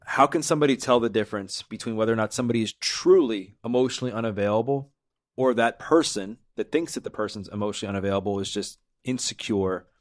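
A male host asking his guest long, exploratory questions that ramble as he thinks aloud. His voice is on the low side. The sound is dry and close. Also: no echo. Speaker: interview host. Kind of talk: conversational interview questions.

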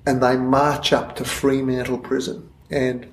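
Australian man, author guest, animated digressive storyteller, roomy echo, faint noise behind. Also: mid-range voice, a little slow. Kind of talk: conversational storytelling interview.

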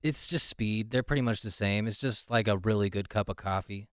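A man on a casual talk show, dropping deadpan one-liners. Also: fairly low pitch, a little fast, smooth, no echo, studio quality. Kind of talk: casual chat.

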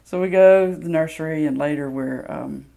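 A woman from Mississippi, USA, tells a personal story candidly and self-deprecatingly, loose with fillers and plenty of ums. Her voice is deep, gravelly, and mellow, at a moderate pace.

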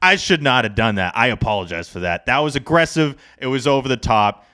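A man co-hosting a sports podcast, talking in a casual, animated, rambling way. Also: medium pitch, a little fast. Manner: animated, rambling, self-deprecating. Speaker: podcast co-host.

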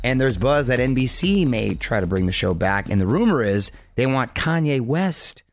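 A man in his forties hosting a radio show with brisk, chatty patter on a studio mic. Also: mid-range voice, very animated, soft background music. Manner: brisk, chatty, quick to laugh.

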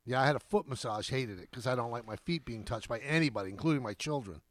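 A man co-hosting a casual podcast, talking in an animated, indignant way. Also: mid-range voice, quick pace, dry recording. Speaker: podcast co-host. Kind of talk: casual chat.

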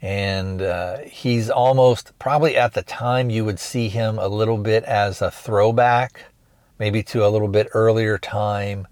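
A man's voice: fairly low pitch, fairly even intonation, measured pace, darkish tone, dry recording. A man hosting a podcast, retelling a film plot in a rambling, hesitant way with many restarts. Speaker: podcast host. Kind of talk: casual movie review recap.

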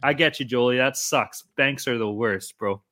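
A man hosting a casual sports betting podcast, telling animated, profane stories. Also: mid-range voice, normal speed. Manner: profane, animated storytelling rants. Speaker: podcast host.

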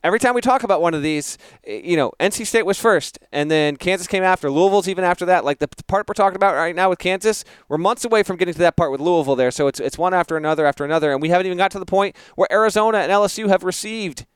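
Measured man explaining on a podcast. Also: high-pitched, clear, resonant tone, no echo. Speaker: college basketball reporter, podcast co-host. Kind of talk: casual podcast chat.

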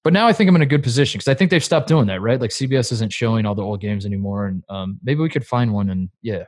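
A man's voice: lowish voice, expressive, quick pace, dry recording. A man co-hosting a casual podcast, rambling with lots of fillers and laughing easily. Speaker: podcast co-host. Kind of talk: casual chat.

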